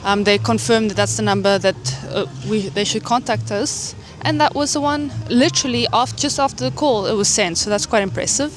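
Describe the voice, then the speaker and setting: A woman's voice: fairly high pitch, brisk, hardly any pauses. A woman chatting casually to camera in a travel vlog, rambling with lots of fillers, filmed on a handheld phone. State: hiccuping. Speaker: travel vlogger. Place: city streets and hotel lobby.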